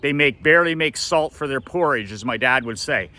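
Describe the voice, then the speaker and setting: A middle-aged man with a bright, forceful, somewhat tense voice tells a personal story. He is emphatic and blunt, driving his points home and cursing freely along the way. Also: mid-range voice, lively intonation, brisk. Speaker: motivational coach.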